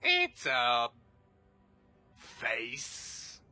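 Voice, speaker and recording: A man playing a warped, winged psyker who sidesteps every question. The voice is sharp and bright and swoops wildly in pitch, dropping to whispers and jumping to high squeaks in a tabletop game, with faint music behind. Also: huge pitch swings, very slow, no echo, full character voice. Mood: evasive. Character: warped winged male psyker, cagey and odd. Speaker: tabletop player. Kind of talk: in-character tabletop role-play.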